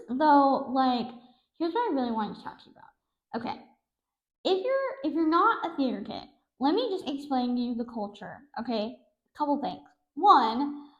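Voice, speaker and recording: High-voiced sarcastic young woman podcaster. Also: echoey room, lo-fi sound. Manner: sarcastic, animated, self-mocking. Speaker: podcast host. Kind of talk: casual storytelling monologue.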